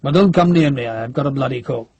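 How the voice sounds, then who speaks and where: A man voicing a gruff, blunt middle-aged Scottish major general who has a head cold, drawing out his curses. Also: medium pitch, a little mellow, lo-fi sound. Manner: blunt, swearing, drawn-out.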